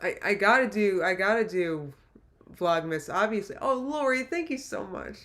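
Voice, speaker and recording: With slight background noise behind her, a late-thirties YouTuber talks in an expressive, mid-range voice with a fairly bright tone and moderate pace. She reads viewer comments casually on her livestream, emotional and rambling, with many restarts.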